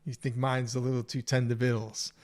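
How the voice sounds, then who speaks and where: A man co-hosting a podcast, his voice sitting in an ordinary middle pitch. He chats casually, teases his co-host and breaks into laughter often. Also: little pitch movement, a little fast. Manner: joking, teasing, laughs often. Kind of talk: casual chat.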